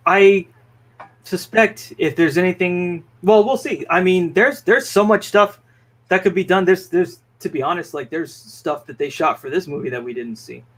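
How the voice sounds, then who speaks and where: A man hosts a casual film podcast, working through his opinions in a thoughtful, hedging way. His voice sits a little high for a man, with plenty of restarts and fillers. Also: animated, normal speed, a bit bright. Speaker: podcast host. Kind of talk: casual film review chat.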